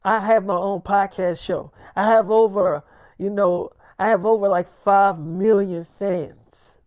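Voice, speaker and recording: Brief: an insistent young podcaster woman, put on by a female storyteller, low-pitched and quiet, in a dry close recording. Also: steady tone, slow pace, no room sound, close to an everyday voice. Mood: pushy.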